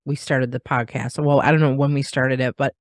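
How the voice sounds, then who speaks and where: A woman hosting a podcast in casual conversation, animated, laughing often and acting out what others say. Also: a bass voice, fairly quick, dry recording. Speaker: podcast host.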